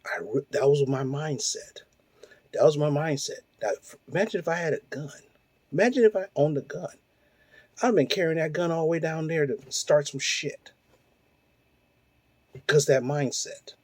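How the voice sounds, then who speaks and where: A man in his forties rants through a heated, profanity-laced monologue, firing off rhetorical questions. His voice is warm and mellow, with little brightness, and the recording sounds dry and close with no room echo. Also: fairly high pitch, expressive, normal speed, long pauses. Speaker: host. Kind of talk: ranting monologue.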